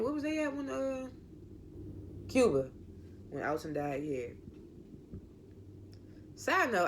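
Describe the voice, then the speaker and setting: Opinionated reviewer rambling thru an episode recap, keeps correcting themself, mid pitch, faint noise behind. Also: a bit bright. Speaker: TV show reviewer.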